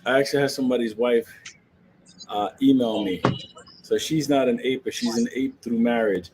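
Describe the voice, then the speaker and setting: A man holds forth in a loose, profane rant, joking and laughing as he talks about the market. His voice sits at an everyday middle pitch. A faint background hiss runs under the recording. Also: normal speed. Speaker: stock market commentator.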